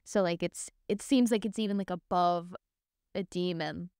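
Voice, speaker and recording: A young adult woman co-hosting a podcast, reacting with quick playful jokes in casual chat. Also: fairly low pitch, a little mellow, clean tone, no echo, studio quality. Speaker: podcast co-host.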